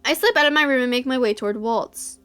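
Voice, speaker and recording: Smooth high-voiced woman reading a story game. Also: fast, a bit bright, soft background music. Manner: squeals and gushes when reacting. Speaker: visual novel reader. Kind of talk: reading a visual novel aloud with reactions.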